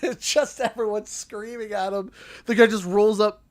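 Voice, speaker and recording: A man's voice: very high-pitched, moderate pace. A man with a Canadian accent, telling a story in a casual livestream chat and acting out the people in it. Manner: animated, acts out the people in his stories. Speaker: streamer.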